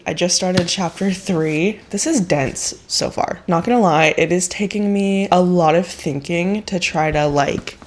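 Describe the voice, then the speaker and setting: A woman's voice: fairly low pitch, a little mellow, slight background noise. A young woman in her twenties chatting casually and enthusiastically at home in a book vlog. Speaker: book vlogger.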